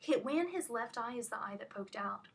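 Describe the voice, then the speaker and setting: A woman's voice: fairly high pitch, animated, normal speed, vocal fry, breathy edge. Agitated woman retelling at length. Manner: agitated, rambling retelling with many restarts. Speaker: caller recounting an incident. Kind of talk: emotional phone conversation.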